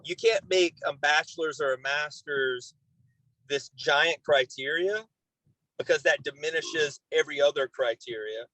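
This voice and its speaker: A man's voice: on the high side, a little slow, sharp tone, no echo, rough recording. A man talking as a guest on a casual veterans' podcast, direct and matter-of-fact.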